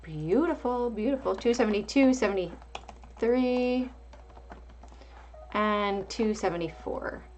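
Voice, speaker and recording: A woman's voice: medium pitch, expressive, slow pace, long pauses, darkish tone, muffled recording. A woman hosting a casual live market stream, calling out price levels and chatting back to viewers. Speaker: livestream market host.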